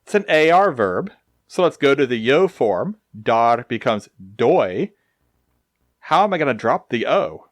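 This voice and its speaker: A man explaining grammar in a slow, deliberate recorded lesson, with touches of dry humor. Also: mid-range voice, big pitch swings, dry recording. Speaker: Spanish teacher.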